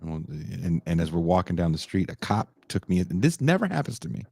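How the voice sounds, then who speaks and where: Deep-voiced man telling an animated story. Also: brisk, vocal fry, slightly rough, no room sound. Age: 40s. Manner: animated storyteller who acts out the people in his story. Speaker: podcast host. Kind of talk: casual storytelling chat.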